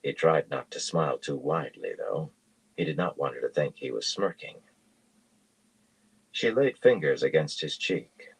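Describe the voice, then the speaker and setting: Very deep, husky male audiobook reader. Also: big pitch swings, normal speed, poor audio. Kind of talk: reading a fantasy novel aloud.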